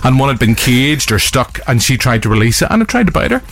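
A man reading a light news story on breakfast radio, excitable and playful. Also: medium pitch, quick pace, creaky. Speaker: news presenter.

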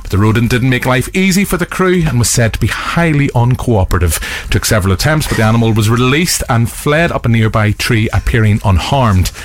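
Excitable newsreader. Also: male voice, medium pitch, brisk, a little hiss or hum. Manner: excitable, playful. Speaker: news presenter. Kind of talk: light news story on radio.

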